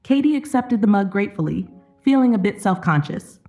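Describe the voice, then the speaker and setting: A woman narrating an emotional story in a steady, dramatic scripted reading. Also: medium pitch, a little fast, soft background music.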